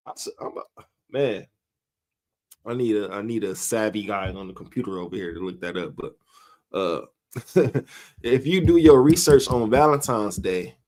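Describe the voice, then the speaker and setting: A man's voice: mid-range voice, a little mellow. A middle-aged man hosting a live stream, talking casually in a rambling way, often chuckling and calling out viewers' names from the chat.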